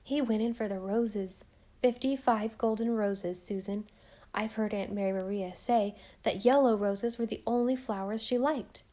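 A woman voicing a gentle, dreamy young wife, speaking softly with a slightly lifted voice. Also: medium pitch, moderate pace, natural voice.

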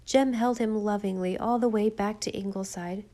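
A woman narrating a children's storybook. Her reading is gentle and even, unhurried and clear, in a middle-pitched voice. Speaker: audiobook narrator.

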